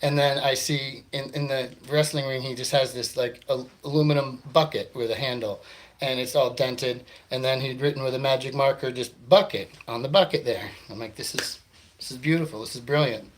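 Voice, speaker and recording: A man's voice: mid-range voice, fairly even intonation, moderate pace. A man from the Tampa Bay area of Florida, a comedian telling rambling, self-deprecating, profane stories. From Tampa Bay area, Florida, USA. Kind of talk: comedic storytelling monologue.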